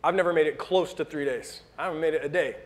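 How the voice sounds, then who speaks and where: Man, young, American accent, pastor, sermon, high-pitched, chatty storyteller. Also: quick pace. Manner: casual storytelling, acts out quotes.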